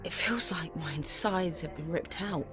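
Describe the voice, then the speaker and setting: A woman's voice: fairly low pitch, a little slow, music in the background, lightly acted. An actress playing a young woman playwright who narrates her life in an intense, confessional voice. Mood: weary. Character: young woman playwright, anxious, grieving and bitter. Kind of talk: dramatic first-person narration.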